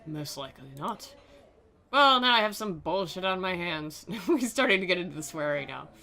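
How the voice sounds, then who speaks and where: A woman's voice: fairly low pitch, animated, moderate pace, pushed and bright. A young woman streaming a dramatic reading of a visual novel, mixing narration with sarcastic jokes and replies to chat. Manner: sarcastic, joking running commentary.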